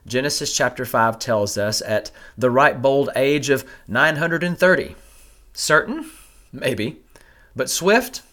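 Lively-voiced man teaching scripture. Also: mid-range voice. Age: adult with a family. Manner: measured and explanatory, with rhetorical questions. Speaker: Bible teacher.

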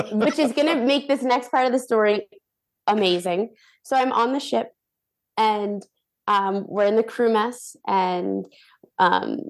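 Appearing as a guest in a relaxed interview, a young former cruise ship dancer shares stories in a mid-range voice. Her delivery is bubbly and lively, and she imitates the voices of whoever she's quoting.

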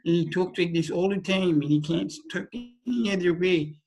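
A man voicing a twelve-year-old boy with a speech impediment, talking in a halting, impeded way. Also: sits high, a little mellow, faint music behind, low-quality recording.

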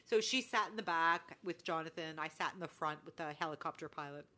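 A woman's voice: deep voice, fairly quick, hardly any pauses, pushed and bright. A woman co-hosting a podcast, chatting casually and acting out quoted dialogue as she tells a story. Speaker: podcast co-host. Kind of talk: casual chat.

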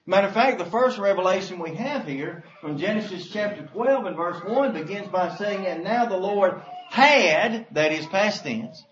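A man preaching a sermon, reading scripture aloud and stressing key words slowly. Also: high-pitched, animated. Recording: roomy, dull, faint hiss.

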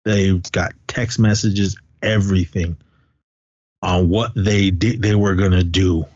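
A man's voice: deep voice, slow pace, dry recording. Profane ranting man on a podcast. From California. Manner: profane, ranting, animated storytelling. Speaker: podcast co-host. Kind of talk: casual podcast chat. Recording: dull, dry podcast recording.

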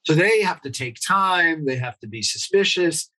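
A man's voice: on the high side, expressive, moderate pace, pushed and bright, low-quality recording. A man, a pediatrician guest on an interview, explaining earnestly and asking rhetorical questions.

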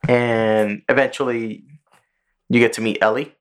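A man's voice: medium pitch, steady tone, measured pace, clean tone. A man hosting a podcast in casual chat, loosely retelling a show's plot with plenty of swearing. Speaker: podcast host.

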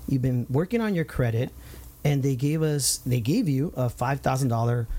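A man hosting a community talk show, chatting casually and telling lively stories. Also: mid-range voice, normal speed. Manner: lively storyteller, upbeat. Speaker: show host. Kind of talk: casual interview chat.

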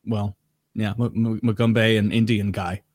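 A man's voice: on the low side, flat delivery, normal speed, a little mellow, dry recording, studio quality. A man co-hosting a podcast in casual chat, laughing often and restarting his sentences. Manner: laughing, hesitant, with many restarts. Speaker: podcast co-host.

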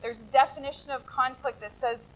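Woman pastor, high and bright-toned, sermon, chatty storytelling with asides to the listeners. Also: fairly quick, low-quality recording. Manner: conversational, lively retelling with asides to the congregation.

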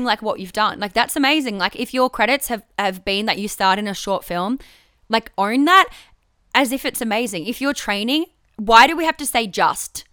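A woman with a fairly high voice, very bright and crisp, talks frankly on her own podcast. She curses casually and often restarts her sentences as she works through her thoughts. The sound is close and dry. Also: no echo. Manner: candid, frank and swearing, with many restarts. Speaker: podcast host. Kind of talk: casual solo podcast talk.

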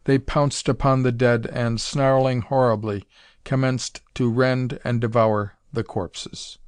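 A man's voice: medium pitch, darkish tone, dry recording, studio quality. Man reading dramatic adventure fiction. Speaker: audiobook narrator. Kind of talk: scripted pulp adventure narration.

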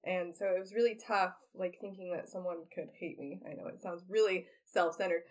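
A woman's voice: lowish voice, steady tone, a little fast. A young woman co-hosting a podcast, speaking earnestly in casual chat. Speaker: podcast co-host.

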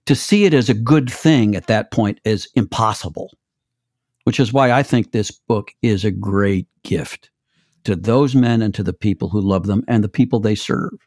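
A man co-hosting a podcast, animated and quick to agree, speaking about the people he counsels. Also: on the low side, no room sound, clean studio sound. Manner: animated, with rapid back-channel agreement. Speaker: podcast co-host. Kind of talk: conversational interview.

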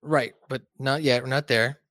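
A man's voice: medium pitch, steady tone, moderate pace, a bit bright, dry recording. A man hosting a podcast in casual chat, retelling at length with many fillers and swearing. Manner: rambling, profane retelling full of fillers.

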